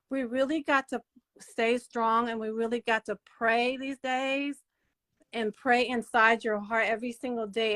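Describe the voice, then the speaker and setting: A woman hosting her own channel, speaking slowly in a halting, emotional monologue full of fillers and restarts. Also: a little high, fairly bright tone. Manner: halting, repetitive, many fillers. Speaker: channel host.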